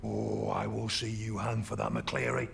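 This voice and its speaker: An actor playing a cheery, fatherly older rig worker, gravelly and jokey, in a video game. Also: on the low side, flat delivery, unhurried, a little hiss or hum. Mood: teasing.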